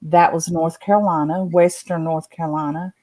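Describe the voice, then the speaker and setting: A woman's voice: deep voice, fairly even intonation, normal speed, warm tone, no room sound. A woman with a Southern Appalachian accent, chatting and laughing often on a video call from her bed at home. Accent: Southern American, Appalachian. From Southern United States. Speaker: guest. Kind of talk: casual chat on a video call.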